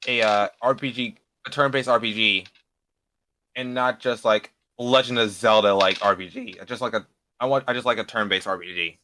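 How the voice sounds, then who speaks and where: A man's voice: fairly low pitch, steady tone, bright, forceful tone, slight background noise. A young man in his late teens, a beginner voice actor, talking casually as an interview guest and often restarting his sentences. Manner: halting, repeats and restarts words.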